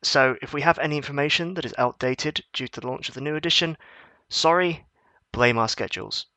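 A man's voice: on the high side, brisk, bright, forceful tone. A man co-hosting a podcast, chatting casually with many fillers and restarts into a podcast microphone. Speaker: podcast co-host.

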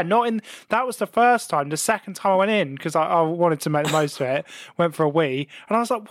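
A man with a notably high voice tells a story on a casual podcast. He is animated and laughs through his words, and he swears freely. The sound is close and dry. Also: fast, few pauses, no echo. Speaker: podcast co-host.

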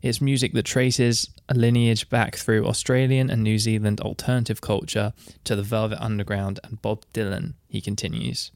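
A man's voice: on the low side, little pitch movement, normal speed, hardly any pauses, a little mellow, dry recording, studio quality. A man co-hosting a casual music podcast, reading out definitions and quotes and laughing easily. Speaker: podcast co-host.

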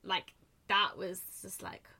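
A young adult woman co-hosting a casual book club chat, talking in an animated way and swearing freely. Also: medium pitch, slow. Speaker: podcast co-host.

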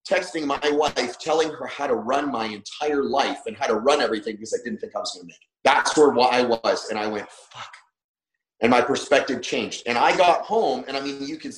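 A man's voice: medium pitch, fairly bright tone. A man guesting on a podcast, telling a personal story bluntly and emphatically, swearing freely. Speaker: podcast guest, trainer and coach. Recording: roomy echo.

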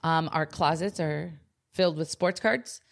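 A woman's voice: low-pitched, measured pace, creaky. A woman talking as a podcast guest in a dry, matter-of-fact way. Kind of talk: casual chat.

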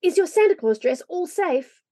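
A woman reading aloud, voicing an excited, fretful young girl who is the eldest sister. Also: normal speed. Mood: anxious. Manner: high, squealing delight.

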